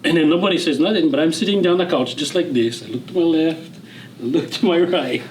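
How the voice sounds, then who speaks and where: A man of around sixty with a Hawaiian Pidgin-tinged accent, telling his story as a guest in a relaxed, rambling way, with fillers and restarts. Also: on the high side, fast, a little hiss or hum, poor audio. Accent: Hawaiian Pidgin-tinged English. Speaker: interview guest, retired general. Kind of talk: casual storytelling interview.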